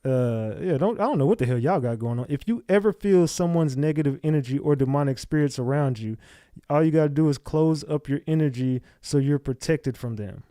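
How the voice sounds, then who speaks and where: A man's voice: fairly high pitch, fairly quick, dark tone, dry recording, studio quality. A man hosting a livestream, reading chat comments aloud and snapping back at viewers in blunt, profane casual talk. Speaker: livestream host.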